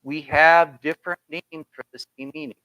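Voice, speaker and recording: New guy teaching bible study, bright voice, kinda high, lots of "you know" and "right?" asides. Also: fairly even intonation, normal speed, no echo, low-quality recording. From New York. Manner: conversational, folksy asides and rhetorical questions. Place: church Bible study room. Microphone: computer streaming the class.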